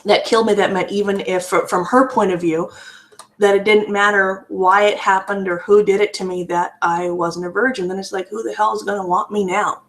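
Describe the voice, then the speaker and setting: A woman's voice: medium pitch, fairly even intonation, a little fast. A woman speaks in a mid-range voice, giving candid personal testimony to her viewers. She talks in an earnest, emotionally raw way, often stopping short, restarting and repeating her words as she works through it. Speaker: vlogger sharing a personal story.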